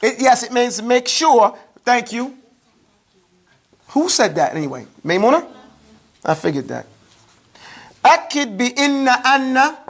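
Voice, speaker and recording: The voice is medium in pitch but swings widely, with a fairly bright tone. It belongs to a grammar teacher running a casual lesson who keeps quizzing students, confirming they follow, and drawling terms slowly as drills.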